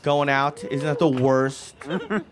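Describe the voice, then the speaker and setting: A man's voice: a little high, slow pace. A young man doing a stand-up comedy set in a club. He rambles and keeps laughing at his own jokes. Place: comedy club with live audience.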